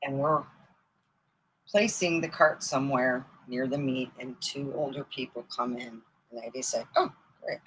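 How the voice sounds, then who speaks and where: A middle-aged woman from Michigan spins loose comic stories in a bright, forceful voice. She rambles from one tale to the next, jumping from loud bursts down to low mutters, and laughs at her own jokes. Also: normal speed, slight background noise, rough recording. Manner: animated, rambling, swings between loud outbursts and mutters. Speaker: comedy storyteller. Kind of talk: casual comic storytelling.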